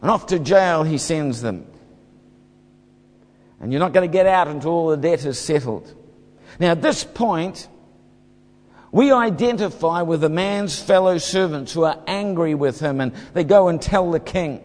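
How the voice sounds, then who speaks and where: A man's voice: a little high, expressive, a little slow, darkish tone. A man preaching a sermon, reading scripture and explaining it, briefly acting out voices from the story. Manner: expository, acts out the parable's voices. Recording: hall reverb.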